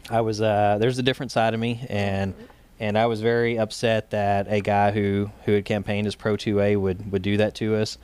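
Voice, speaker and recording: Low-voiced man telling a story. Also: little pitch movement, moderate pace, darkish tone, clear, resonant tone. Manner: talks in loose runs with frequent fillers and restarts. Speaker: guest, state director of a gun rights group. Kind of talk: casual interview storytelling.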